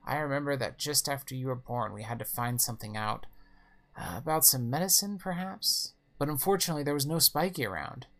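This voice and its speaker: A man voicing a nervous middle-aged mother who bursts into high, startled exclamations. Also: a little fast, fairly bright tone, close to an everyday voice. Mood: reminiscing. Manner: sudden startled outbursts. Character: anxious middle-aged mother, jumpy and sharp-tongued.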